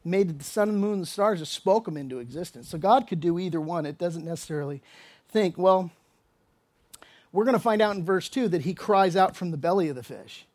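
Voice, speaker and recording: High-voiced pastor preaching casually. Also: male voice, expressive, fairly quick, darkish tone. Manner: casual, conversational preaching with asides and acted-out dialogue. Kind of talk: expository sermon.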